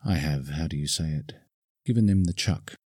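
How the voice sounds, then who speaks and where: A man's voice: extremely low pitch, normal speed, darkish tone, no echo, studio quality. A man voicing a seductive, mocking French woman dancer with a French accent. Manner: insolent, teasing, mocking.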